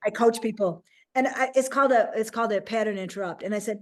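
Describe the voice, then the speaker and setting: A woman hosting a casual interview as a life coach, talking in an animated way and acting out little quoted voices. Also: medium pitch, fast talker.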